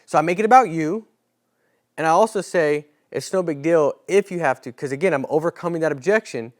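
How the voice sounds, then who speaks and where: A man teaching a sales training class in a casual, animated way, often acting out talks with clients. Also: fairly high pitch, brisk. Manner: casual, animated coaching with role-played client dialogue.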